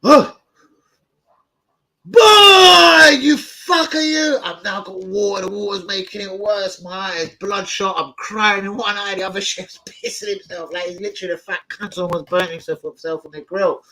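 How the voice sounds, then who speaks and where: A man's voice: high voice, a little fast, hardly any pauses, rough recording. A young man, telling rowdy stories in casual chat, swearing often and breaking into yelps and laughs. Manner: swears a lot, loud animated storytelling with yelps and laughs. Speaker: host of a football fan channel.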